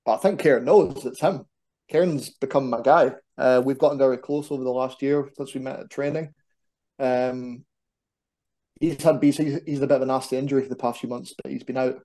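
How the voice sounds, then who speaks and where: A young Scottish man chatting animatedly as a wrestler guest on a podcast. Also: medium pitch. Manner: animated, quick to banter. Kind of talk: casual podcast chat.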